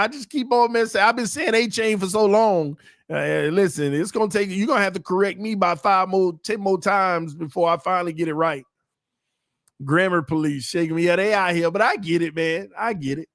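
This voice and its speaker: A young man hosting a live watch party, calling plays and bantering with his viewers in casual slang, swinging between hype and low mutters. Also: brisk, creaky, no room sound, studio quality. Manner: excitable, jumps between hyped play-calling and low muttering asides. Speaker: sports watch party host. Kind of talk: live game commentary and chat.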